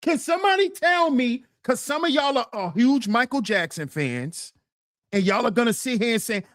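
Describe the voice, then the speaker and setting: Woman host, ranting stream commentary; higher voice swinging wide, mocking repetition. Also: moderate pace, dry recording, clean studio sound. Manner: animated, repetitive, mocking, laughs through points.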